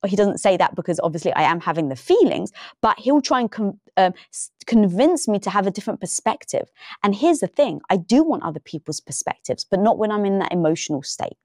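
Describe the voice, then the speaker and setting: A woman guest in a casual interview, telling lively stories and acting out the lines she quotes. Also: medium pitch, no room sound, clean studio sound. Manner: animated storytelling, acts out quoted dialogue. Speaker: podcast guest.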